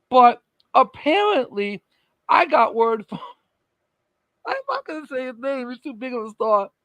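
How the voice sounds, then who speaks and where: A man chatting casually as a podcast co-host, animated and telling stories by acting out the conversations he quotes. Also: sits high, no room sound, rough recording. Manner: animated storyteller, acts out quoted exchanges. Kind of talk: casual chat.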